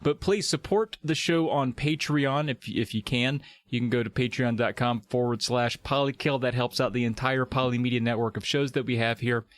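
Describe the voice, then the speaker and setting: A man's voice: medium pitch, moderate pace, hardly any pauses, no room sound. Man hosting a podcast, dry recording. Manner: relaxed, wraps up the show with plugs. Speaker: podcast co-host. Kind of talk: casual chat.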